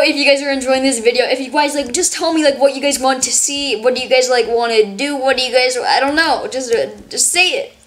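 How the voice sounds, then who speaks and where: A woman chats her way through a game session, rambling and excitable, her voice sitting fairly high. Her voice sounds a little worn from yelling, and a faint hiss sits under the recording. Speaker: gaming channel host. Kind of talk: casual gameplay commentary.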